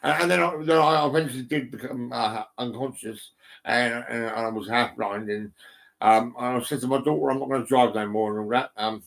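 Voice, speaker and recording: Sitting on a settee at home, a middle-aged vlogger talks casually into his phone in a mid-range, creaky, slightly bright voice at normal speed. He rambles heavily, full of ums, fillers and false starts, and swears frequently.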